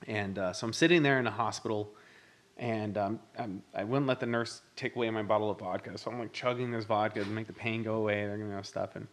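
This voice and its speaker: A man, a guest and former boss, telling animated personal stories in casual chat with some swearing. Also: on the low side, fast talker. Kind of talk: casual storytelling.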